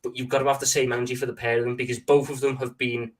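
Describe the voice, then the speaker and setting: A man's voice: medium pitch, little pitch movement, very fast, recorded from a distance. Firm-arguing man, away from the mic. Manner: firm, argues point by point. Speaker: football panelist. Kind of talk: casual chat.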